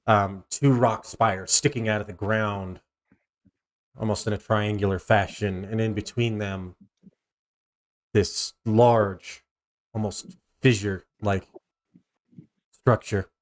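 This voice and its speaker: A man with a New Zealand accent runs a tabletop role-playing game as game master. His voice sits a little low, and he narrates scenes in halting bursts with frequent restarts. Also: steady tone.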